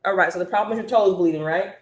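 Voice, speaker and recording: Energetic woman live-streaming in an echoey room. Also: on the low side, racing. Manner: energetic, chatty, addresses viewers as y'all. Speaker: online business coach.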